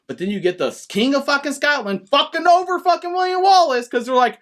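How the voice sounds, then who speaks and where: A rapid-fire male co-host ranting about films in casual chat. His pitch leaps all over the place as he gets worked up, and he curses freely between loud bursts and quiet asides. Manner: excitable, profane, swings between shouting and mumbling. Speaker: movie channel co-host.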